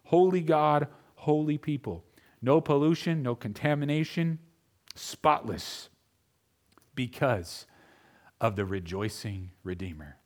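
A pastor preaching a sermon, speaking straight to his congregation and swinging between quiet, intimate lines and loud, emphatic ones. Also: medium pitch, expressive, slow pace. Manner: addresses the congregation directly.

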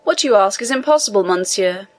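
A woman reading the lines of a male prison inspector who speaks in a formal, measured way. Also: mid-range voice, animated, natural voice.

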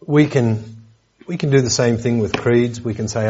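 A man's voice: on the low side, steady tone, normal speed, warm tone, husky, dull audio. A man preaching a sermon lesson in a conversational way, with joking asides and repeated words.

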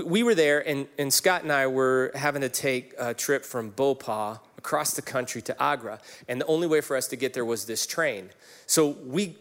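A pastor in his forties preaching a sermon, telling personal stories in an emotional, candid way with many fillers and restarts. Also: mid-range voice. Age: 40s.

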